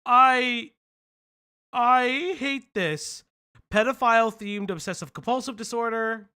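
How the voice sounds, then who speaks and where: A man co-hosting a reaction stream, talking in a loose, animated way, often laughing and swearing. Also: extremely high pitch, slow, clear, resonant tone. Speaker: stream co-host reacting to a video. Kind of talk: casual reaction stream chat.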